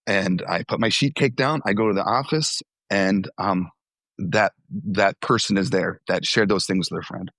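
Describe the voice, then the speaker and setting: A man's voice: deep voice, normal speed, fairly bright tone, no room sound. A young adult man, a former youth pastor, telling candid stories in an interview, with fillers and restarts.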